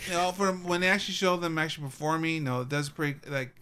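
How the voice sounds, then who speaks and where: A man's voice: on the high side, quick pace, pushed and bright. A man co-hosting a podcast, chatting casually, laughing often and restarting his sentences. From Southern California. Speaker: podcast co-host. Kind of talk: casual chat.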